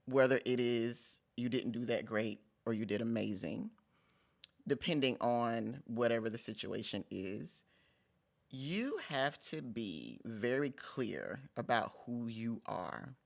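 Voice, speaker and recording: A middle-aged man gives a motivational pep talk on his vlog in a gravelly, creaky voice. He speaks in a conversational, emphatic way, repeating phrases to drive them home and dropping in casual slang. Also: mid-range voice, animated, a little slow. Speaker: host.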